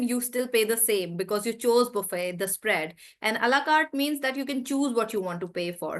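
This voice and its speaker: A fairly high-pitched woman leads an online pronunciation class. She talks in a lively, upbeat way, laughs often, and stretches out words to show where the stress falls. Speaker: English pronunciation teacher.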